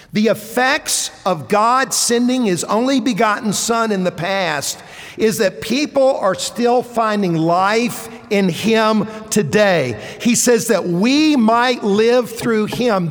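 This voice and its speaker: A man preaching a sermon to a congregation, deliberate and emphatic as he explains scripture. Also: sits high, a bit bright, big-room sound. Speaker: pastor.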